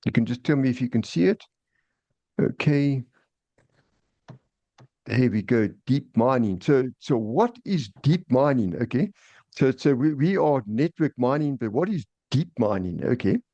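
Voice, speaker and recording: A man's voice: medium pitch, expressive, measured pace, warm tone, dry recording, highs cut off. A man hosting an online meeting and presenting an agenda item, with frequent repeated words and restarts. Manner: repetitive, stammering restarts. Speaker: meeting host. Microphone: video call.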